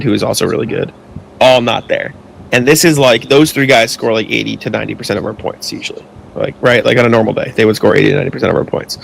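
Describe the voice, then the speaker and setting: Gravelly young man rambling through a story. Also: fairly low pitch, a little hiss or hum. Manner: rambling, heavy use of filler "like", swears when annoyed. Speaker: podcast co-host. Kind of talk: casual storytelling chat.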